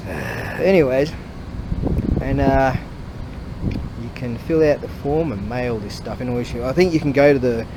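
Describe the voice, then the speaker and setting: This man, a podcast host, walks down a street delivering a rambling casual monologue full of grumbling, profanity, and frequent laughter. He speaks at a medium pitch, animated and unhurried, over background traffic noise from passing vehicles.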